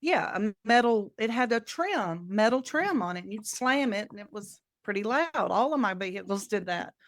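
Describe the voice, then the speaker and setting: In relaxed podcast conversation, a middle-aged female co-host spins animated stories, performing each quoted line. She speaks at normal speed in a medium pitch, and the studio-quality recording is dry.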